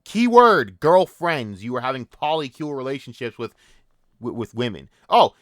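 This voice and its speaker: A man's voice: mid-range voice, very animated, moderate pace, a bit bright, dry recording, clean studio sound. Profane mocking man ranting. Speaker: commentary channel host. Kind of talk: ranting commentary.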